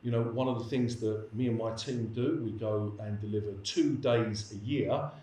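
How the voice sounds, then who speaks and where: A man's voice: fairly low pitch, fairly even intonation, moderate pace, warm tone. A man giving a lecture and answering questions in a chatty, anecdotal way, with many restarts. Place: lecture hall. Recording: echoey hall, distant mic.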